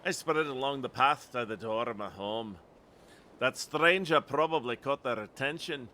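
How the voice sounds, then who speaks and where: A man voicing a paranoid old Scottish lighthouse keeper in a put-on Scottish accent, with a rough, ominous way of talking. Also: medium pitch, normal speed, pushed and bright, slight background noise, natural voice. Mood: wary.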